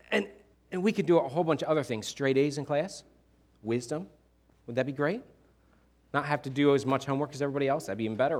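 A man preaching a sermon in a church, casual and animated, pushing up his voice for emphasis. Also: on the high side. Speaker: pastor.

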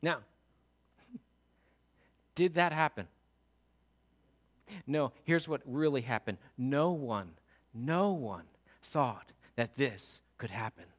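A man preaching a sermon as pastor, animated, moving between loud storytelling and hushed emphasis. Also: mid-range voice, very slow, long pauses.

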